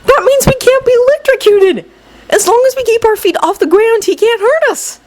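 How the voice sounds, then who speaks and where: A woman's voice: very high voice, lively intonation, normal speed, a little mellow, voice pushed up. A woman reader voicing a shy teenage boy who explains things hastily and earnestly. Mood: urgent.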